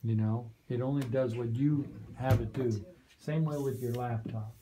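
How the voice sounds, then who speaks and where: A man's voice: medium pitch, fairly even intonation, normal speed, a crowd in the background. A man training volunteers on a community radio studio's soundboard, patiently checking understanding as he goes. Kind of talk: hands-on training walkthrough.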